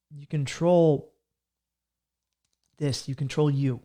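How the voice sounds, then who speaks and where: A man's voice: on the high side, steady tone, slow, dark tone. A man hosting a podcast, giving casual advice in a blunt, profane and emphatic way. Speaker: comedian and podcast host.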